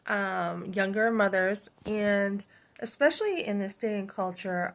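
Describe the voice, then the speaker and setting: Steady in tone and moderate in pace, a mid-range-voiced woman from New Hampshire, USA, chats through a rambling story as a channel host. She often says "um" and "you know".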